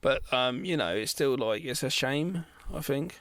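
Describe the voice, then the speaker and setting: A man's voice: medium pitch, lively intonation, a little slow, fairly bright tone, no room sound. A man co-hosting a podcast, casually discussing a film with blunt, swearing opinions. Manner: chatty, swears, critical opinions. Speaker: podcast co-host.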